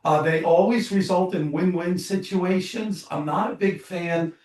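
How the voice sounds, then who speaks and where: Guy psychologist being interviewed, lively, lots of uhs, slightly high voice, echoey room, mic far off. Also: measured pace. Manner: animated, with many fillers and restarts. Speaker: author and psychologist guest. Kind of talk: interview storytelling.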